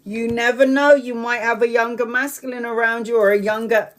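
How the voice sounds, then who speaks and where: A woman's voice: on the high side, steady tone, brisk. A woman doing a live tarot reading, chatting and often laughing while she talks, now and then stretching out phrases for emphasis. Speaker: tarot reader.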